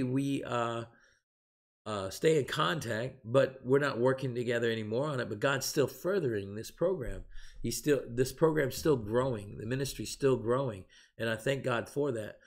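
A man with a gravelly, mid-pitched voice teaches a church recovery lesson. He stops often for fillers and restarts, then pushes harder as he stresses his points. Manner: halting, many fillers, rising to emphatic preaching. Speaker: recovery program leader. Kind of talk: informal faith-based recovery teaching.

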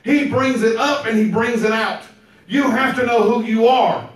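A man preaching a sermon, emphatic and repetitive, now and then breaking into shouts. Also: very high-pitched, normal speed. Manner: emphatic, repeats phrases, bursts into shouts. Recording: very echoey room, mic far off.

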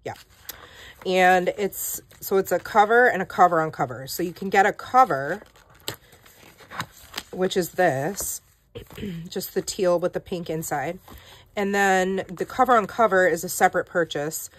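A woman with a notably low voice shows off her finds in a relaxed, chatty haul vlog. She fills her talk with "like" and "um" and pokes fun at herself. She speaks close to the mic. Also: unhurried, pauses often. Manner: chatty and self-deprecating, with many "like"s and "um"s. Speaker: planner channel host.

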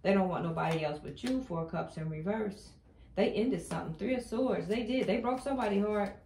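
A woman's voice: medium pitch, fairly quick, dark tone, reverberant, slight background noise. A woman giving a casual tarot card reading. She talks emphatically and keeps repeating her points with chatty affirmations. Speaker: tarot reader.

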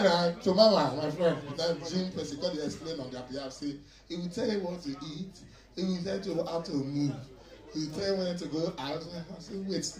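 A male stand-up comedian with a Nigerian Pidgin accent, telling a story in an animated way and acting out other voices. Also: high-pitched, echoey room, recorded from a distance. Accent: Nigerian Pidgin English. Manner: animated, acts out voices, laughs often.

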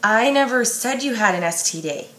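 A woman reading the lines of an irritated teenage boy, low and hushed. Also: lively intonation, moderate pace. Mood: annoyed. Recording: echoey room.

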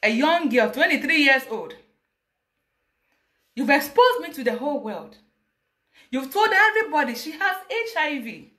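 A woman's voice: high voice, big pitch swings, moderate pace, long pauses, bright, forceful tone. A woman with a Ghanaian accent, speaking emphatically and passionately as an interview guest, mixing English with Twi. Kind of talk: emotional personal account.

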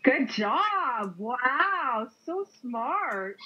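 A woman teaching English to a young learner over a video call, speaking slowly with exaggerated, sing-song cheer and playful sound effects. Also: high-pitched, very animated. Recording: muffled lo-fi online call audio.

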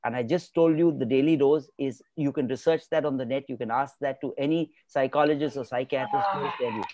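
A man's voice: mid-range voice, fairly even intonation, brisk, dark tone, a little hiss or hum. A man giving an emphatic motivational talk as a guest expert, repeating key words for stress. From India.

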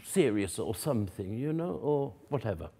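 Very animated and at a moderate pace, a male piano teacher coaches a masterclass student in a workshop hall or music room, singing phrases and coaxing him along. His mid-range voice is mellow and creaky with a breathy edge, and piano playing can be heard behind.

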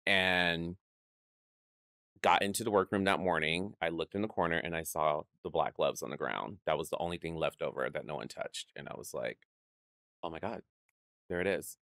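Animated low-voiced man telling stories. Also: normal speed, vocal fry, no echo, clean studio sound. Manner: animated storyteller acting out quoted voices, laughing often. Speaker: guest, drag performer. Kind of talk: storytelling interview chat.

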